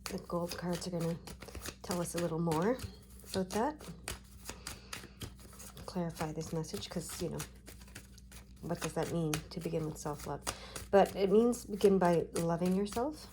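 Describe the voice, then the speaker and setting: A woman giving a tarot card reading, talking gently and reassuringly with frequent check-ins to her viewers. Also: fairly low pitch, normal speed, long pauses, noisy background. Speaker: tarot reader.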